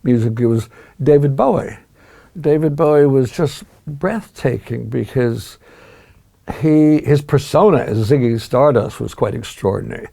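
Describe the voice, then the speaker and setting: Gravelly older man reminiscing. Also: medium pitch, unhurried, dark tone. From United States. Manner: reflective, musing, with frequent restarts. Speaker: guest. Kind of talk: reminiscing interview talk.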